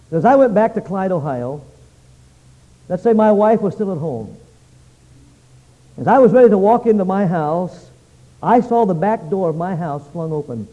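A man preaching a revival sermon in a church, praying and telling stories dramatically, swinging between loud and hushed. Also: high-pitched. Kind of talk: revival sermon with prayer and storytelling. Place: church meeting hall. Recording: dull lo-fi sermon recording.

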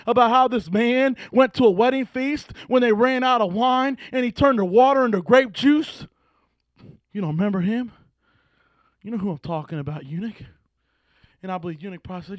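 A man preaching a sermon, telling a Bible story and swinging between hushed asides and shouted, fervent passages. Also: extremely high pitch, normal speed, no room sound.

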